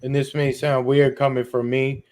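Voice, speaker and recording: A man's voice: mid-range voice, level tone, normal speed, darkish tone. A man co-hosting a political podcast, speaking bluntly in casual slang with a sarcastic edge. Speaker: podcast co-host.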